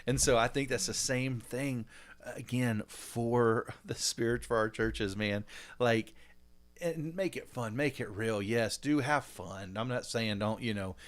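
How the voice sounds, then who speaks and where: A man, a pastor hosting a podcast, talking in animated, rambling casual chat with frequent laughs and fillers. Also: mid-range voice, unhurried.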